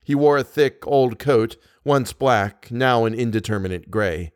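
A man reading a short story aloud as the narrator, in a steady, deadpan way. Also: medium pitch, a little slow, no room sound, studio quality. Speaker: podcast narrator.

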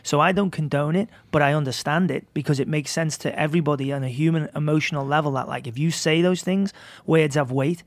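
A man's voice: fairly high pitch, quick pace, few pauses, dry recording. A man, talking earnestly as a guest in a casual chat. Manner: earnest, reasoning it through.

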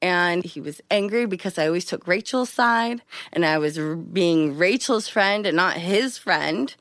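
A woman casually telling a personal story in an interview, acting out quoted lines with big jumps in pitch. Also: expressive, measured pace, a bit bright, dry recording, studio quality. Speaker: interview guest.

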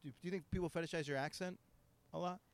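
A man hosting a casual interview, asking curious questions in an animated way and agreeing constantly. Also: a little high, fast talker. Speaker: host.

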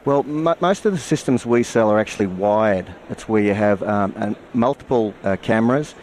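Australian man as a radio guest, deep-ish voice, a little faint crowd noise. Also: normal speed, darkish tone. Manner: explanatory, with frequent fillers and restarts. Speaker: guest, security company marketing manager. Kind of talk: radio interview at a trade show.

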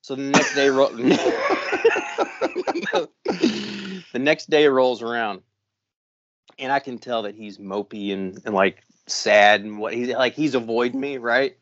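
A man's voice: mid-range voice, takes it slowly, pauses often, fairly bright tone, dry recording. A middle-aged man rants his way through a story, swearing in nearly every line. He is a podcast co-host talking casually. The sound is dry and a little dull. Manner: profane, ranting storyteller.

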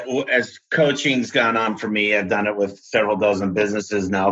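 Emphatic coach hosting a podcast, bright forceful voice, dull lo-fi sound. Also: male voice, fairly low pitch. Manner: emphatic, quick to list points. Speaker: host, business coach. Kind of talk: podcast interview. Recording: dull lo-fi recording.

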